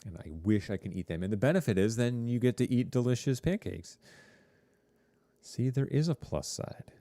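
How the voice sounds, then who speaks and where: A man teaching a high school TV production class, chatting casually to students on a live stream with lots of fillers and rambling asides. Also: lively intonation, moderate pace, warm tone, no echo.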